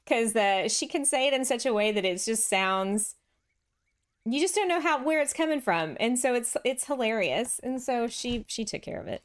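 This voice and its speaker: Playing a game on a casual livestream, a Texan-accented woman host chats with her viewers and laughs a lot. She speaks at a moderate pace in an animated voice on the high side.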